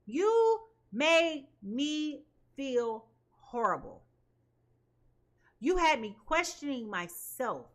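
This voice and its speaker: A woman's voice: high voice, sing-song, very slow, long pauses. A woman reading tarot for her viewers in an emphatic way, often checking in with "okay?". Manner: emphatic, keeps asking "okay?". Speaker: tarot reader.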